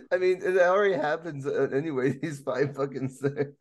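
A young man co-hosting a casual podcast, joking with friends, swearing and laughing often. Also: on the high side. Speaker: podcast co-host. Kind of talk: casual banter among friends.

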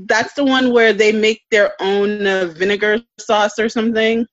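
A woman's voice: medium pitch, steady tone, normal speed, dry recording, highs cut off. A woman guest on a casual podcast, curious and easily amused. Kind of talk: casual chat.

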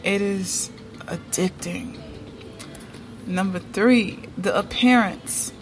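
A woman's voice: medium pitch, takes it slowly, slight background noise. A woman talking casually to her viewers in a vlog, chatty and emphatic, often checking in with "okay?". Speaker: vlogger.

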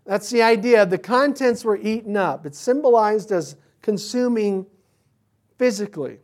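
A male pastor delivering a sermon in a conversational way. He mixes scripture with humorous everyday asides. Now and then his excitement jumps up mid-thought. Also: high-pitched, moderate pace.

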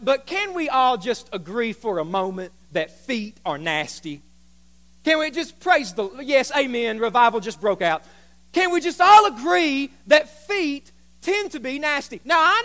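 Preaching as a pastor into a handheld microphone, a man speaks in a very high, slightly bright voice. He reads scripture aloud and jokes with the congregation.

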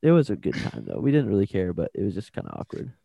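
A young man co-hosting a podcast, relaxed in casual chat and dropping wry asides. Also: low-pitched, quick pace, gravelly, breathy edge, no room sound, muffled recording. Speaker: podcast co-host.

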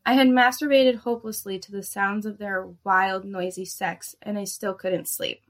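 A woman's voice: medium pitch, steady tone, normal speed. Sardonic young woman narrating a story.

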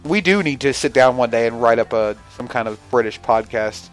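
A man's voice: mid-range voice, fairly quick, soft background music. Rambling, profane male podcast host. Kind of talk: casual chat.

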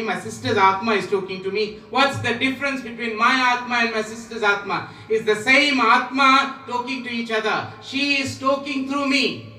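A man speaking as a guru, giving a spiritual talk in slow, repetitive, emphatic phrases. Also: high-pitched, bright, forceful tone. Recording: roomy echo, voice from a distance.

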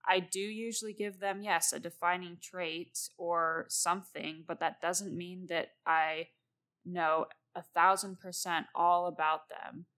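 A woman's voice: lowish voice, fairly even intonation, measured pace, a bit bright, clear, resonant tone. A young woman hosting a casual solo talk on writing, chatty and rambling, laughing as she goes. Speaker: podcast host, novelist.

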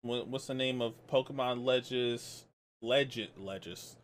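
A man's voice: medium pitch, a little slow. A man co-hosting a podcast, chatting in a laid-back, teasing way. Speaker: podcast co-host. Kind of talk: casual podcast chat.

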